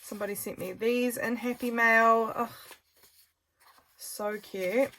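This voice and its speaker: A woman's voice: fairly high pitch, flat delivery, normal speed, noisy background. Chatty New woman crafting. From New Zealand. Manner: chatty, self-deprecating, thinks aloud. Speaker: crafting channel host. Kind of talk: casual crafting chat.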